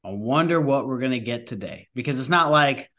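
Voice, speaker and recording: A man's voice: medium pitch, animated, a little fast, a bit bright. A man, a firefighter guest, talking casually in a rambling way with many restarts. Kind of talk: casual conversation.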